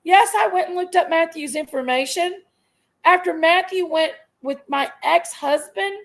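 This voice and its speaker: A middle-aged woman with a high, gravelly voice, ranting on a live stream. She vents in an aggrieved, emphatic way and circles back to the same points. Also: unhurried, low-quality recording. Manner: aggrieved, emphatic venting, repeats herself. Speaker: livestream host. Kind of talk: casual live-stream rant.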